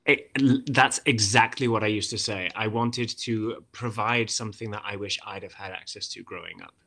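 A man's voice: lowish voice, fairly even intonation, moderate pace, gravelly, pushed and bright. A man from Wales in his forties with a generalized British accent and a light Welsh touch, a guest actor chatting casually and often restarting his sentences. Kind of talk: casual interview chat.

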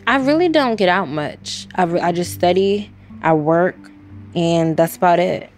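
A woman in her twenties from Washington, D.C., a college student speaking candidly and quickly in an interview, acting out the exchanges she retells. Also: lowish voice, animated, faint music behind. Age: 20s. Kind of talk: recorded interview.

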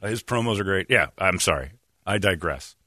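Man, radio host, lively swinging pitch, bright tone, comedic banter. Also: fairly quick, no echo, studio quality. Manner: animated, laughing, jumps into mocking high-pitched quoted voices.

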